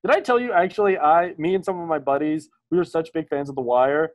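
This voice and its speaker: A man in his thirties co-hosting a podcast in casual chat, animated, swearing a lot and full of fillers. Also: on the high side, fast. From Maryland, USA. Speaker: podcast co-host.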